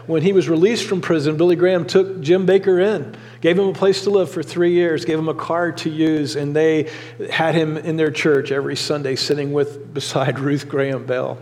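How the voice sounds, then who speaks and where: A man's voice: fairly high pitch, fairly even intonation, normal speed, a little mellow. A middle-aged man, a lead pastor, preaching a sermon in a church and telling a story earnestly, with occasional fillers. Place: church sanctuary. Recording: long hall reverb.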